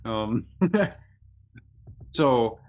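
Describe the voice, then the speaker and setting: A man narrating as game master of a tabletop game, halting and restarting often. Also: mid-range voice, animated, darkish tone.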